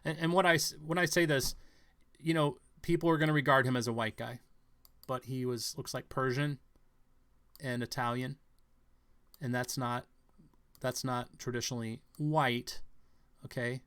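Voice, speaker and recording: A man giving a halting, speculative commentary on news stories, thinking aloud with many fillers and restarts. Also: mid-range voice, flat delivery, fairly bright tone, clear, resonant tone.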